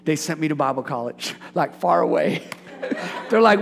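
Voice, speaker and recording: A man preaching a lively sermon as pastor, joking and calling out to the congregation. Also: a little high, moderate pace, gravelly. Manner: animated, preachy, jokes with congregation. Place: church sanctuary. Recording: hall reverb.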